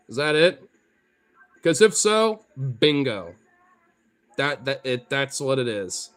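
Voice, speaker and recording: A man with a Pacific Northwest accent, a streamer chatting casually with viewers, excitable, swearing freely and laughing often. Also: a little high, slow pace, long pauses. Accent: Pacific Northwest American. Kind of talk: casual chat answering viewer comments.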